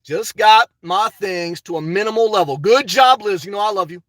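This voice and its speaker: A man's voice: high voice, normal speed, fairly bright tone, no echo, far from the mic. A man hosting a livestream, reading the live chat in a chatty way and often tagging on "okay". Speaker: livestream host. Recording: dry sound, voice away from mic.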